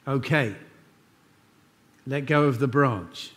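A man voicing God as a calm, dry-humoured speaker talking down to a man on a cliff. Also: mid-range voice, slow. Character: calm, wry male voice of God. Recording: long church reverb.

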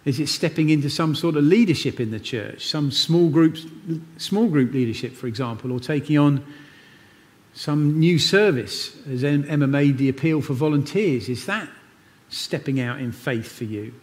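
A man's voice: on the high side, moderate pace. A man preaching a sermon in a church, telling a story in an earnest, conversational way. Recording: long church reverb.

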